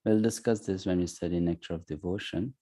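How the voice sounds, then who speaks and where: A man teaching an online scripture class, talking conversationally with frequent "you know" and "hmm", and chanting verses slowly. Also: sits low, fairly even intonation, warm tone. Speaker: course teacher. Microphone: online class audio.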